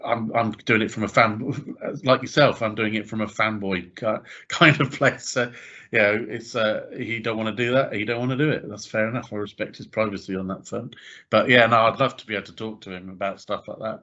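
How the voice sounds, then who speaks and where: A rather low-voiced man hosting a relaxed podcast chat. He talks haltingly, restarting his sentences and stacking up fillers, and he agrees readily. The recording sounds dull and lo-fi.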